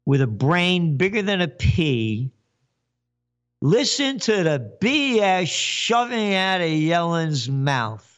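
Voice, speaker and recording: Sarcastic man in a lively rant. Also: a little high, takes it slowly. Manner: sarcastic, mocking, wordplay. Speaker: host. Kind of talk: ranting commentary.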